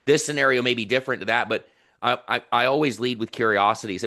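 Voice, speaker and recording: A man co-hosting a real estate coaching session, animated and getting fired up as he acts out conversations with clients. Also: mid-range voice, fast. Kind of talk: coaching a live training session.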